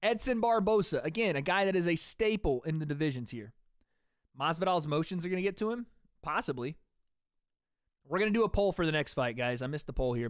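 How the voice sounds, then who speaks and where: A man calling fights on a livestream for his chat, casual and profane, jumping between play-by-play and chatter. His voice sits a bit high for a man. The sound is dry and close. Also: clean tone, no echo. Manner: chatty, swears freely, talks to chat between calls. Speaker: livestream host. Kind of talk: fight watch-party commentary.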